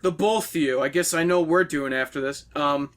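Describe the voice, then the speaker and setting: A man's voice: on the high side, moderate pace. A man in casual podcast chat, joking, teasing and swearing freely. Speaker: podcast co-host.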